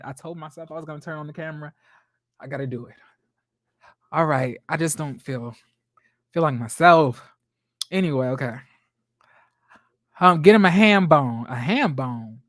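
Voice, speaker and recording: A woman's voice: low-pitched, moderate pace, long pauses, no echo, clean studio sound. A woman in her twenties hosting a casual livestream, chatty and sassy, greeting viewers by name. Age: 20s. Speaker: livestream host.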